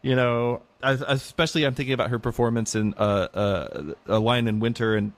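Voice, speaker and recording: A man co-hosting a casual discussion, easygoing with quick asides. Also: mid-range voice. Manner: easygoing, quick asides, jokes about old films. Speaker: podcast co-host, deacon.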